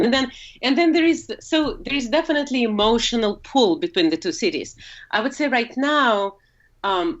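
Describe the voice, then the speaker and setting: A Russian-accented woman speaking English as a second language in a relaxed talk. She explains in a roundabout, conversational way, full of fillers and restarts. The recording is slightly muffled and dull. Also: medium pitch. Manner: explanatory, with frequent fillers and self-corrections. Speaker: guest, opera singer. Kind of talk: casual conversation.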